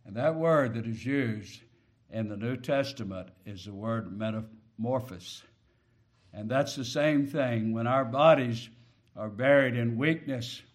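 A preacher, male, works through his sermon at a deliberate pace, letting his voice sink low and soft before surging loudly on the words that matter.

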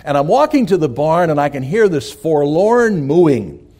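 A man's voice: on the high side, big pitch swings, measured pace, darkish tone. A man preaching a sermon, telling a folksy childhood farm story and asking the congregation "amen?".

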